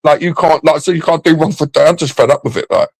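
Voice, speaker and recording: A man's voice: on the high side, fast, vocal fry, no room sound, rough recording. A man who has been drinking, ranting and swearing in casual live-stream chat and repeating himself. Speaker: streamer guest.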